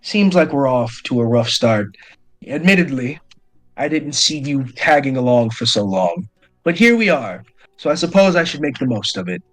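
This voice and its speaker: A man's voice: mid-range voice, expressive, moderate pace, soft background music, lightly acted, poor audio. A man voicing a smug, menacing male gang boss who carries a gun, with a sneering, threatening delivery.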